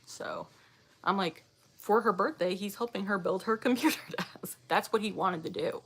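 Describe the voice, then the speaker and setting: A woman's voice: mid-range voice, moderate pace, a bit bright, husky. A woman in her thirties chatting casually with her viewers, rambling and laughing often. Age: 30s. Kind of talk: casual chat reading viewer comments.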